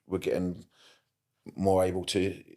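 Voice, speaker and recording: A middle-aged man, a therapist guest on a casual podcast, talking in an animated way, swearing often and repeating himself for emphasis. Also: low-pitched, measured pace. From United Kingdom.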